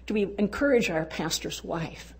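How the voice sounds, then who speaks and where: A woman's voice: mid-range voice, animated, normal speed, a little mellow, husky. An older woman giving a folksy, exuberant testimony talk at a church women's event, urging and cheering her listeners on. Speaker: women's conference speaker.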